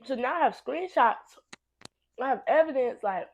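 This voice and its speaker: A young woman telling a messy personal story to camera, animated and blunt, swearing freely and repeating phrases for emphasis. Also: sits high, normal speed, lo-fi sound. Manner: animated, blunt and heavily profane, with laughing asides. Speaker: storytime vlogger. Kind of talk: casual storytime monologue.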